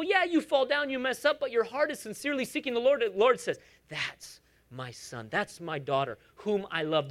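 A woman preaching a sermon in a church, emphatic and coaxing her congregation along. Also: high voice.

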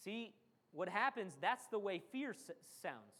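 A man's voice: high voice, lively intonation, unhurried, fairly bright tone. A man preaching a sermon, dramatic and repetitive, briefly acting out the voices of the people he quotes. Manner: dramatic, repeats phrases for emphasis, acts out voices of the people he quotes.

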